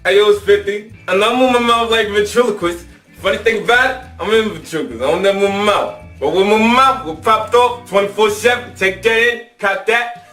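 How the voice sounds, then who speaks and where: A man's voice: high-pitched, brisk, bright, forceful tone, reverberant, recorded from a distance, soft background music. A man doing playful comedic impressions of celebrities. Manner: mimicking other voices, playful. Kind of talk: comedic impressions at a talk show.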